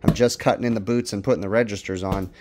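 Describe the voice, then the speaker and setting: A man hosting a casual DIY vlog, explaining his HVAC work step by step in a relaxed way with plenty of ums and uhs. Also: lowish voice, fast talker, background noise. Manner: relaxed, explanatory, many fillers like um and uh. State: out of breath. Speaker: HVAC technician and channel host.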